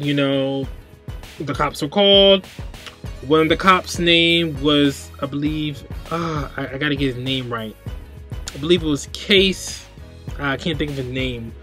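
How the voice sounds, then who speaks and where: A man's voice: on the high side, sharp tone. Agitated rambling young man. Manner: agitated, rambling, repeats himself. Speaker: vlogger host. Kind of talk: casual rant to camera.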